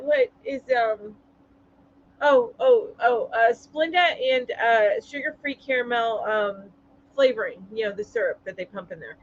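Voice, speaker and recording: High-voiced chatty woman hosting a live stream. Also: a bit bright, dull audio. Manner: chatty, greets viewers, laughs often. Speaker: livestream host. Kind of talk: casual live chat.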